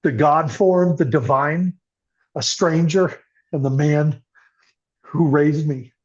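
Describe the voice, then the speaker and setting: An older man guesting on a podcast speaks slowly in a fairly high voice while telling his recovery story. He is earnest and emotional, and the recording has a muffled, lo-fi quality.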